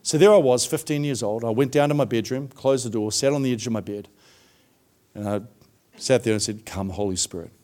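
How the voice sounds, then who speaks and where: Middle-aged guy preaching, telling his story easy and chatty, lots of "you know" and "um", average pitch. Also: a little fast. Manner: storytelling, warm and conversational with frequent fillers. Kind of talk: sermon.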